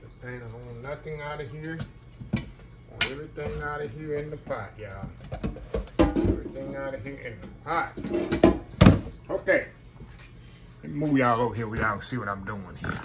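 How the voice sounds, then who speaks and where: A man's voice: mid-range voice, normal speed, long pauses, loud music behind the voice. A man hosting a casual home cooking demonstration, chatty and folksy, calling his viewers y'all. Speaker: home cooking channel host. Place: home kitchen.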